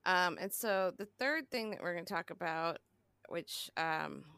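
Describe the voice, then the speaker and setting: Soft-spoken woman co-host. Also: on the low side, lively intonation, measured pace, creaky, smooth, no room sound. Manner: soft-spoken, brief affirmations. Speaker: podcast co-host. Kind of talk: casual chat.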